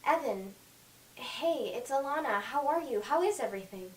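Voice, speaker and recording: A woman's voice: sits high, lively intonation, a little hiss or hum. A woman playing Alana, a breathless overeager schoolgirl. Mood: eager. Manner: rapid, overbearing chatter. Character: overeager chatty teenage girl, Alana. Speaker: auditioning actress. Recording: echoey room, faint music, from far off.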